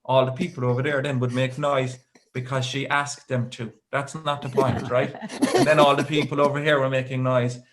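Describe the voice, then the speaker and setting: A man's voice: mid-range voice, little pitch movement, normal speed, hardly any pauses, a bit bright, a little hiss or hum. An Irish man in his thirties doing a stand-up comedy set, rambling through stories with dry asides.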